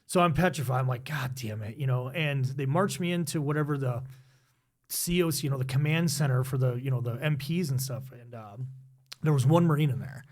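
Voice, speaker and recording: A man's voice: mid-range voice, a little fast, darkish tone. A man hosting a podcast, telling a rambling, profane service story and constantly checking in with his guest. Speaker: podcast host, former serviceman. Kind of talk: casual storytelling chat.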